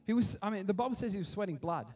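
High-voiced man preaching at kids church. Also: lively intonation, rapid-fire, warm tone, distant mic, soft background music. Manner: casual, repeats and restarts, builds to passionate appeals. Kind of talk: sermon. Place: church hall.

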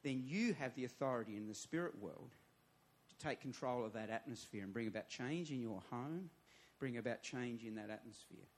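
A man's voice: mid-range voice, expressive, normal speed. A man, a church pastor, preaching a sermon, emphatic and repeating his phrases as he builds to raised appeals.

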